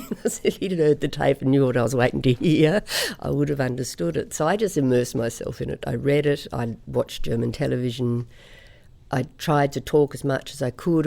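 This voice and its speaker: She is a middle-aged woman from Australia, chatting as a guest in an interview. Her voice has a gravelly edge and a dark, mellow tone. She tells her stories in a lively way and laughs often. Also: extremely low pitch. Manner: chatty storyteller, quick to laugh. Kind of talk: casual interview chat.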